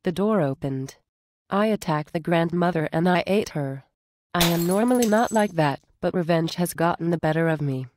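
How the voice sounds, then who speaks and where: A woman reading a story aloud in a plain, steady way, close to a dry home mic. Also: lowish voice, normal speed, background noise.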